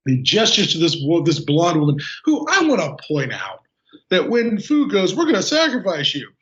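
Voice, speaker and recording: A man talking as a podcast guest, retelling a film with animated sarcasm. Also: fairly high pitch, moderate pace. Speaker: podcast guest, game designer. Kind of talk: casual film discussion. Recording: dull lo-fi audio.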